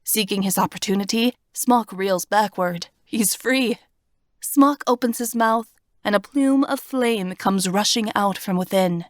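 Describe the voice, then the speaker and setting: A woman reading a first-person fantasy audiobook in a steady, expressive storytelling voice, recorded on a close studio mic. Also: medium pitch, a little slow, no room sound. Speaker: audiobook narrator.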